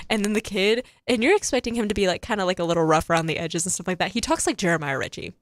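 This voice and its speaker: A teenage girl chats eagerly about a film, peppering her talk with "like" and quick laughs. Her voice sits at a middle pitch. The room sound is dry and close. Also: no room sound. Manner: chatty, laughs often, heavy use of "like". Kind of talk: casual chat about a movie.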